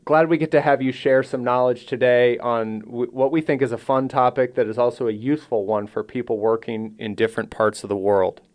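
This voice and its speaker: A man hosting a podcast, reading a scripted introduction and asking questions in a measured, friendly way. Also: mid-range voice, steady tone, darkish tone. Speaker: podcast host.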